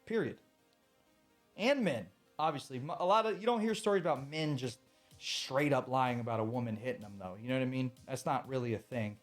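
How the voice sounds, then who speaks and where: A man's voice: medium pitch, fairly quick, soft background music. A man ranting on a live stream in a casual, emphatic way, swearing often and repeating his points.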